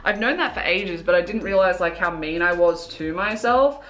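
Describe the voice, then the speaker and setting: A woman's voice: fairly low pitch, animated, normal speed, fairly bright tone, faint music behind. Rambling young woman makeup vlogger. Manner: rambling and chaotic, with many fillers and restarts; earnest and self-reflective. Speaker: beauty vlogger. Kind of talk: casual confessional chat while doing makeup.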